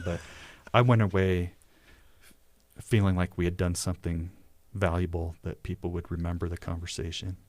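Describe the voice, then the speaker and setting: Male professor, low-pitched, musing aloud in a dry, close recording. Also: a little mellow, no room sound. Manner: thoughtful, with self-corrections. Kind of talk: reflective discussion.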